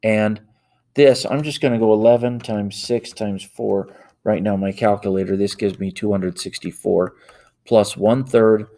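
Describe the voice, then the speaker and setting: Mellow-voiced man talking through math. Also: lowish voice, steady tone, normal speed. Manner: talks aloud while typing into a calculator, self-correcting. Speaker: math teacher. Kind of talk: worked-example math lesson.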